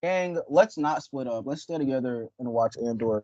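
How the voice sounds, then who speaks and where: A young man co-hosting a casual reaction video, joking and rambling with loud laughs. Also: mid-range voice, expressive, normal speed, hardly any pauses, no room sound, highs cut off. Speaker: reaction channel co-host.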